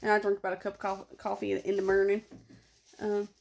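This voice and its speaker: A woman's voice: mid-range voice, completely flat delivery, a little fast, vocal fry, darkish tone. A tired young woman, chatting casually and rambling to her vlog audience. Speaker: vlogger.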